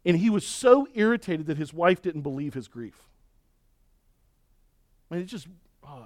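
A man's voice: fairly high pitch, expressive, normal speed, long pauses, a little mellow, no echo, studio quality. A man preaching a sermon as pastor, emphatic and folksy, leaning on rhetorical questions and repeated words.

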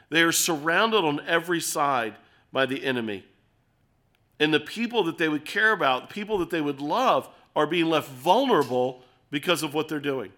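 A middle-aged man preaching an expository sermon, earnest and animated, acting out little scenes as he explains the text. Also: mid-range voice.

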